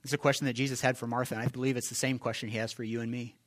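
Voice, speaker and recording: A male pastor preaching a conversational sermon, asking rhetorical questions and swinging between loud and soft. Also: mid-range voice, level tone, rapid-fire.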